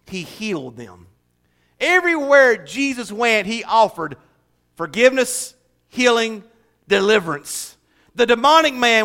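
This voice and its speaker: Man pastor, sermon in church, high-pitched voice, bright tone, loud then hushed, joking asides. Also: unhurried. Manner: animated, swings from shouting to hushed, joking asides.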